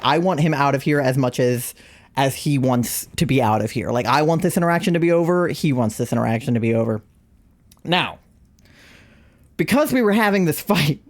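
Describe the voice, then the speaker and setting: Animated, laughing streamer telling a story. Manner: animated, laughs often, big swings in pitch. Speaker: live streamer. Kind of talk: casual storytelling to chat.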